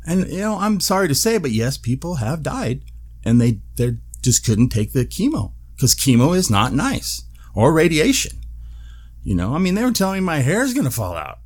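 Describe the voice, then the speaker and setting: Male vlog host, mid-pitched, very lively intonation, loose cursing storyteller. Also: moderate pace. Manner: animated storytelling, swears freely, laughs often. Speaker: show host. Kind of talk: casual video update monologue.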